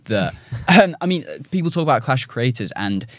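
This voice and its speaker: A man's voice: mid-range voice, big pitch swings, brisk, dry recording. A man hosting a podcast, encouraging his guest and asking questions in casual chat. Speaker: podcast host.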